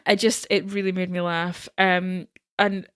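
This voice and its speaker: A woman's voice: fairly low pitch, unhurried, clean tone, no room sound. Laughing Scottish woman in a dry room. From Scotland. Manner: animated, laughs often, acts out quotes. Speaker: podcast co-host. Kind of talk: casual chat.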